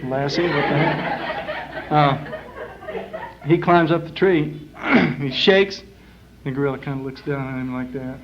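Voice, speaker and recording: Crowd noise fills this muffled 1960s live recording of a man telling a lengthy, rambling joke on a club stage. Speaking at a medium pitch with fairly even intonation, he goes a little slow and pauses often, drawling casually with many filler words.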